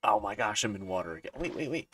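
Recorded on a distant mic over loud background noise, this man narrates his gameplay for a let's play video. His voice is lowish, animated and quick, and he mutters in exasperation, breaking into sudden panicked yelps.

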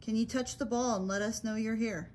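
Lady ghost hunter, kinda high voice, coaxing the spirits with question after question. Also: fairly quick, slight background noise. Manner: calm, coaxing, persistent questions. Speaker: paranormal investigator.

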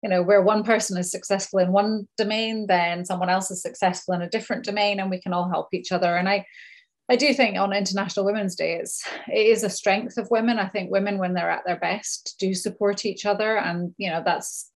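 Scottish woman, low measured voice. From Scotland. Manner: thoughtful, measured, with pauses and restarts. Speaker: guest coach. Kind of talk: casual interview chat.

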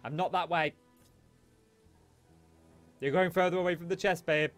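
A man's voice: fairly high pitch, steady tone, moderate pace. A man hosting a co-op gameplay video, teasing his wife in casual banter. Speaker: let's play host. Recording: game music in the background.

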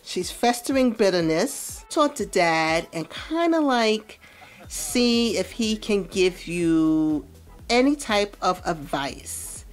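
A woman's voice: medium pitch, expressive, slow, soft background music. A woman giving casual let's-play commentary, chatting about what her game characters feel. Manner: chatty, narrates characters' feelings. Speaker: gameplay commentator.

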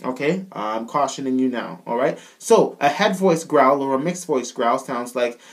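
A man's voice: medium pitch, lively intonation, normal speed. A male vocal coach with a Canadian accent explains singing technique in an easygoing, chatty way. He keeps checking in with his listeners as he talks them through each point. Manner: casual, keeps checking in with "all right?". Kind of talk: video singing lesson.

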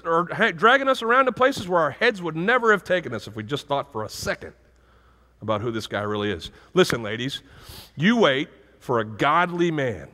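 A male pastor preaching a sermon in a church, animated and rising to loud emphasis. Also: high-pitched, long reverb tail. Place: church sanctuary.

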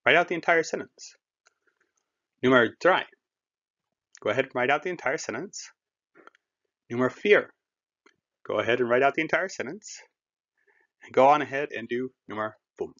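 Male teacher, encouraging, slow and lively in pitch, dull lo-fi sound. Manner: slow, patient explaining with drawn-out German words; friendly and encouraging, addresses learners directly. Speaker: German language teacher. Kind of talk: recorded language lesson.

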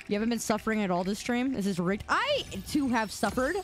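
A woman's voice: mid-range voice, moderate pace, a little hiss or hum. A woman game streamer chatting casually and teasingly with her viewers while she plays. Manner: animated, teasing, talks to chat. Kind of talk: casual live-stream chat.

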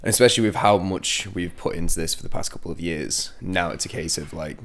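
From England, a band's lead singer chats openly as an interview guest, talking fast in a low voice with a fairly bright tone. He rambles through the casual conversation, often breaking off and beginning his sentences again.

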